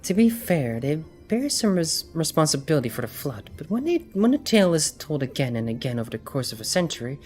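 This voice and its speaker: A woman voicing a formal, scholarly fantasy game character, reading the dialogue in a measured way. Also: low-pitched, very animated, darkish tone, voice pushed up. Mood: earnest. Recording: music behind.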